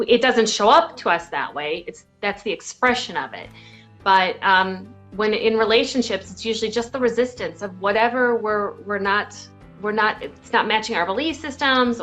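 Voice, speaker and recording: A woman's voice: medium pitch, normal speed, a bit bright, muffled recording, faint music behind. A woman who is a relationship advocate, talking earnestly in a casual conversation and explaining in loose, reflective phrases.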